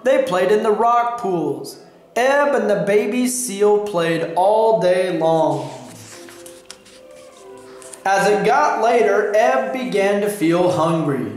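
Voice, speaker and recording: Guy reading a kids' book super slow, really echoey room. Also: high voice, lively intonation, soft background music. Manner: slow, deliberate, clearly paced reading. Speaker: storybook reader. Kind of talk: slow read-aloud for learners.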